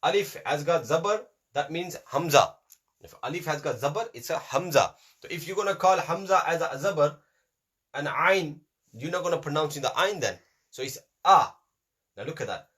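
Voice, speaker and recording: A man's voice: fairly high pitch, expressive, fairly quick, a bit bright, husky. Patient man drilling letter sounds. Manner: patient, drills sounds by repetition, mixes in brief Hindi-Urdu asides. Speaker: Quran reading teacher. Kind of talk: teaching a class on letter pronunciation.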